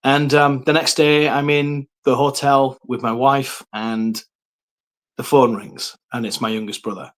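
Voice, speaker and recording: A man telling his personal faith story, earnest and reflective, with frequent pauses and ums. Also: medium pitch, level tone.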